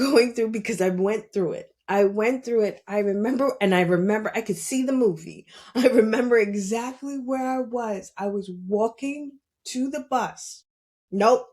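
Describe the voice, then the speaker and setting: A woman with a New York accent, hosting a podcast and telling her own story in a casual, animated way, laughing often and speaking bluntly. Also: fairly high pitch, measured pace. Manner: blunt and salty. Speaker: podcast host. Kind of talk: casual spiritual monologue.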